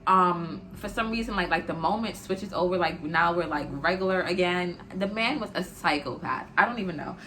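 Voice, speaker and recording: A woman's voice: lowish voice, normal speed, hardly any pauses, fairly bright tone. A young adult woman telling a personal story in a casual, chatty way, with lots of "like" and "y'all" as she talks to her viewers.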